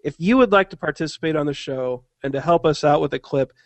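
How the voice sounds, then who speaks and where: A man's voice: on the high side, fast, no echo. A man hosting a casual podcast, earnest and often stumbling over his words and restarting. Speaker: podcast host.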